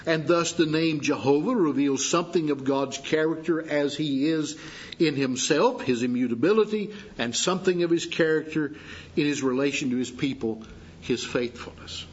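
Husky-voiced man preaching a measured sermon. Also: fairly high pitch. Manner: measured, deliberate teaching with pauses for emphasis. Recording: dull lo-fi sound.

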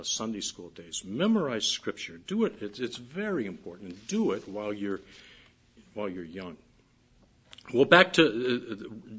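A man's voice: medium pitch, fairly bright tone, husky. An older man preaching a sermon in a church, earnest and emphatic, with frequent fillers. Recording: dull lo-fi sermon recording.

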